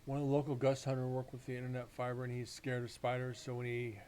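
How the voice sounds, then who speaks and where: A man's voice: medium pitch, monotone, quick pace, darkish tone, a little hiss or hum. Rambling, profane man telling stories. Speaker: paranormal stream host. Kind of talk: casual live-stream chat.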